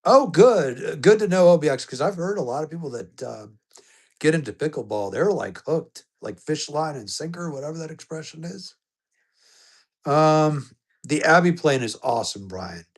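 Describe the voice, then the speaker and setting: A man's voice: animated, normal speed. Man chatting with his live-stream viewers. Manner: upbeat greetings that jump high in pitch, softer and lower when serious. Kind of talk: casual live-stream chat greeting viewers.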